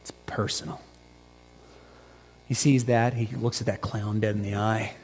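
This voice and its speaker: A man preaching a sermon as pastor, telling a story with animated swings from loud emphasis to hushed tones. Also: fairly low pitch, normal speed, in a large hall, a little hiss or hum.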